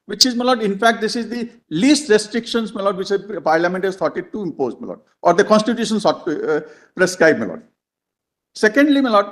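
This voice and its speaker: High-voiced male advocate arguing in court. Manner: addresses the bench as "my lord" constantly, halting restarts. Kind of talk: courtroom legal argument.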